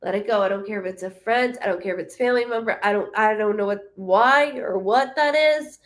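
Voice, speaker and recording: A woman medium hosting a live-streamed reading, chatty and animated, rambling with many fillers, in a warm room with the window open. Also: medium pitch, a little fast. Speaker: psychic medium host.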